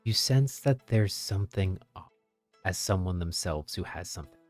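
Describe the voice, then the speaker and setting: A man narrating as game master of a tabletop game in a measured, descriptive way. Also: low voice, lively intonation, dry recording, soft background music.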